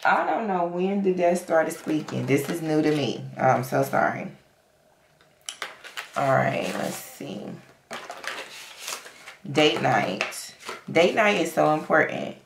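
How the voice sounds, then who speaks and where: A woman's voice: sits low, animated, takes it slowly, creaky, long pauses, echoey room, background noise. A young adult woman, chatting casually and playfully as she talks through her savings and counts cash aloud. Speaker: budgeting vlogger. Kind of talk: casual chat to camera.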